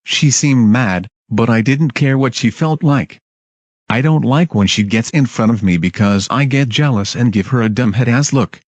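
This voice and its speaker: A man tells a storytime in an irritable, blunt rant, with profanity in nearly every line. His voice sits at an ordinary middle pitch. The sound is dry and close, with no room echo. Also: normal speed. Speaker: storytime narrator. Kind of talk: ranting storytime narration.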